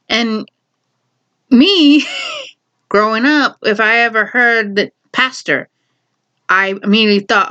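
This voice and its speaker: A woman from Chicago telling a family story in casual vlog style, animated and laughing, often correcting herself mid-sentence. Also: on the high side, slow, long pauses, clean tone. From Chicago, USA. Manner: animated, laughing, self-correcting, acts out quotes. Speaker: vlogger. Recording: dull lo-fi recording.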